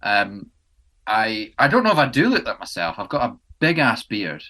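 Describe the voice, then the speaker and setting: A man's voice: fairly low pitch, wildly swooping pitch, moderate pace, sharp tone. A young man from England, an actor co-hosting a podcast, chatting casually and rambling with many ums and restarts. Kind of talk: casual chat. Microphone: podcast mic indoors.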